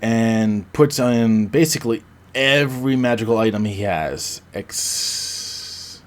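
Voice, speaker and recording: A man's voice: medium pitch, slow. A man hosting a podcast, casually recapping a movie in a rambling way, with fillers and self-corrections. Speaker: podcast host.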